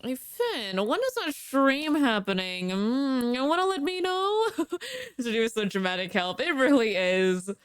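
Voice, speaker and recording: A woman's voice: high voice, very animated, measured pace, clean tone, no room sound, clean studio sound. A young woman livestreaming a game, chatting in a bubbly way with viewers and reacting aloud to the play. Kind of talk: casual gaming stream chat.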